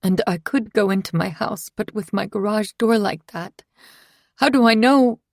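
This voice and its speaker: A woman's voice: medium pitch, moderate pace, gravelly, dry recording, studio quality, close to an everyday voice. A woman voicing an anxious, polite woman neighbor who talks in fretful, apologetic bursts.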